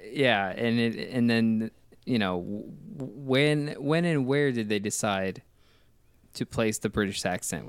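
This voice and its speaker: A man's voice: medium pitch, clear, resonant tone, dry recording. A man casually discussing movies on a podcast, rambling and full of questions and restarts.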